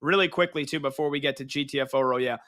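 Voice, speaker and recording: Bright-voiced sports radio co-host. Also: male voice, medium pitch, racing. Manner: joking, chatty. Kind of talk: casual radio banter.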